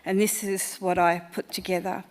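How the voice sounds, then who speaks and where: A woman's voice: lowish voice, level tone, normal speed. An older woman chatting hesitantly on stage before reading a poem she wrote. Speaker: poet reading her work.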